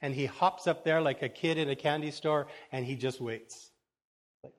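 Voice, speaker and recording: A man's voice: fairly high pitch, moderate pace. Give me an enthusiastic, rambling male preacher. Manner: enthusiastic, rambling, many repeated words. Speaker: pastor. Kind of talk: sermon.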